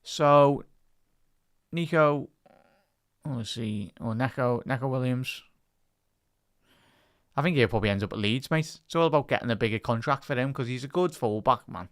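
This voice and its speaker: Smooth-voiced man doing casual football commentary. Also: mid-range voice, moderate pace, long pauses, dry recording, clean studio sound. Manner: chatty, talks to his chat between bursts of play-by-play; rises and speeds up on attacking moves. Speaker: live stream football commentator. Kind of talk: casual live match commentary.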